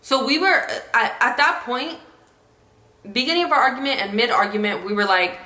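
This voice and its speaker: Bright-voiced young woman, echoey room. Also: on the high side, lively intonation. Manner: emotional, quick run-on talk with many fillers. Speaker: vlogger, partner in a couple channel. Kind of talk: emotional relationship talk to camera.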